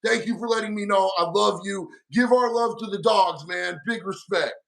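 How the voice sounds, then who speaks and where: A middle-aged man with a fairly high voice hosts a laid-back livestream, reading viewer comments and answering in slang. He keeps calling people homie and dog. He sits back from a mic set some way off. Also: moderate pace, creaky, fairly bright tone. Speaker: livestream host. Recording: mic set far from the speaker.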